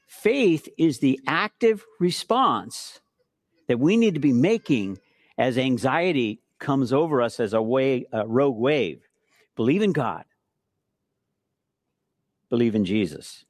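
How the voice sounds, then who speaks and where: A middle-aged man preaching a sermon, telling stories with emphatic repetition and shifting between hushed and forceful delivery. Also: medium pitch, slow pace, pauses often, no echo, clean studio sound. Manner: storytelling preacher, emphatic repetitions, animated swings from soft to loud. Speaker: pastor.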